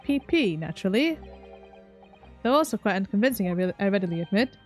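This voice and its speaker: A woman's voice: medium pitch, lively intonation, a little fast, faint music behind, voice pushed down, lightly acted. A woman voicing a flamboyant, smug male Victorian detective, speaking in a grandiose, formal, theatrical way. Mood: haughty. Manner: grandiose, theatrical, old-fashioned formal speech.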